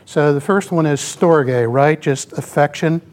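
Slightly slow and a little mellow, this mid-sixties man's voice sits on the high side. He's delivering a rambling, folksy church talk with slides, leaning on "you know" again and again.

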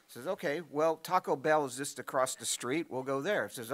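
A middle-aged man preaching a sermon in a conversational, storytelling way, full of fillers and restarts, his voice getting hoarse. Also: mid-range voice, brisk. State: losing his voice, clearing throat. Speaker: pastor.

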